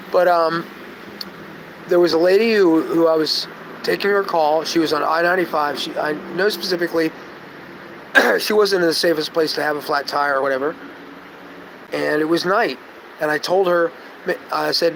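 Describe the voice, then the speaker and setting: A man with a slightly high voice talks through a loose, rambling live-stream chat. He drifts between stories, loses his thread, and sometimes drops into a soft, gentle tone. The hum of air conditioning and passing traffic is plainly heard behind him. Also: moderate pace, long pauses, poor audio. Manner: tangential, storytelling, loses his train of thought; gentle, soft-spoken when calming people. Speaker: vlogger.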